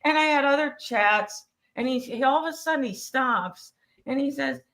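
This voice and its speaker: A woman from the US Northeast with a Northeast accent, telling a story as a guest in a casual podcast chat, in an unhurried way. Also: high-pitched, a bit bright. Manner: unhurried storytelling, chuckles between points.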